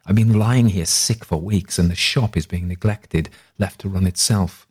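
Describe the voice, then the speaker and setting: A man's voice: deep voice, normal speed, darkish tone, breathy edge. A frail sick old father, read by a man. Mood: fretful. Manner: weak, complaining.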